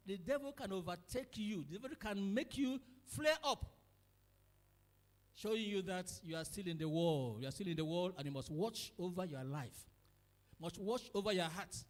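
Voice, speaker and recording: Nigerian pastor guy preaching in church, high voice, punchy and dramatic. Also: lively intonation, normal speed, in a large hall. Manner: emphatic preaching, acts out quarrels in quoted voices. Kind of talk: sermon.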